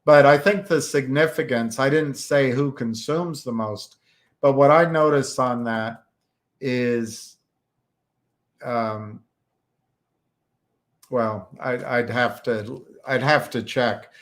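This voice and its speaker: A man from the United States, hosting a livestream and talking casually in a slow, rambling way, with many fillers and restarts. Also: medium pitch. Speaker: livestream host.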